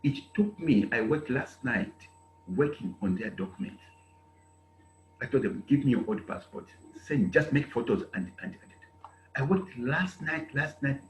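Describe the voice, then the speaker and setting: A man's voice: mid-range voice, lively intonation, unhurried, reverberant, a little hiss or hum, low-quality recording. A man from Zambia with a Zambian English accent who addresses students at an intake meeting and tells them off with emphatic repetition. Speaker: program director addressing students. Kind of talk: lecturing speech at an online meeting.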